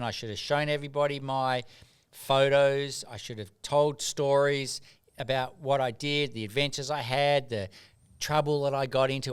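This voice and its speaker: A middle-aged man speaks as a podcast guest, telling earnest, animated stories and often restarting his sentences. His voice is smooth and resonant, sitting at an everyday pitch. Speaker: guest, doctor and rites of passage mentor. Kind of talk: reflective storytelling in podcast conversation.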